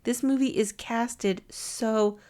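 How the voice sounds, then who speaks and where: A woman's voice: on the high side, fairly even intonation, slow pace, warm tone. A woman co-hosting a podcast, giggling often as she reads a film recap from her notes. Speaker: podcast co-host. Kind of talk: casual chat recapping a film.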